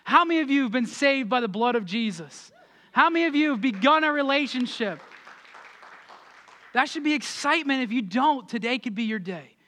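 Man, pastor, sermon, very high voice, bright, energetic, animated. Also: normal speed. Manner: energetic, animated, swings between loud excitement and quiet asides.

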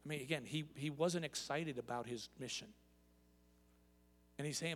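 A man's voice: on the high side, moderate pace, long pauses. A male pastor preaching a sermon, repeating key phrases for emphasis and asking the congregation rhetorical questions. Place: church sanctuary. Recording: long reverb of a large hall.

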